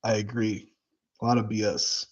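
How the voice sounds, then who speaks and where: A man hosting his own livestream, chatting casually with viewers in a blunt, profane and animated way. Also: lowish voice, normal speed, breathy edge, highs cut off. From United States. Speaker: livestream host. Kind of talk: casual livestream chat reading comments.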